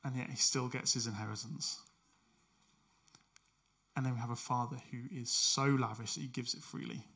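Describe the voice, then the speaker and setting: A man preaching a sermon, moving from quiet storytelling to loud, emphatic exhortation. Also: mid-range voice, fairly even intonation, normal speed, long pauses.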